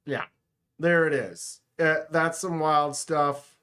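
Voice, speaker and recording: A man with a fairly high, fairly bright, smooth voice speaks slowly and expressively. He's hosting a live stream, chatting casually with his viewers and joking sarcastically as he talks to chat.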